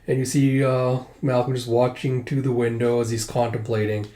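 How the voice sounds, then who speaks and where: A man's voice: medium pitch, flat delivery, moderate pace, hardly any pauses, warm tone. A man casually narrating a comic book readthrough, swearing and describing panels. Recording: echoey room.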